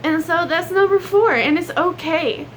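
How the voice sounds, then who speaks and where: A young woman with a drawl talks to her viewers in a casual, earnest advice vlog. Her voice sits high and bright in pitch. A faint hum of room noise runs underneath. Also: normal speed. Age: young adult. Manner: chatty, earnest, drawling with y'all. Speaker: vlogger.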